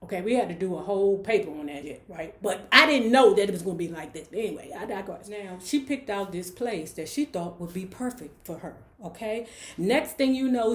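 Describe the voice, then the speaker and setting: A woman's voice: mid-range voice, normal speed. Sassy, blunt woman retelling a story. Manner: sassy, blunt, profane asides. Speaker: book club host. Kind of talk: casual story recap. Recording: roomy echo.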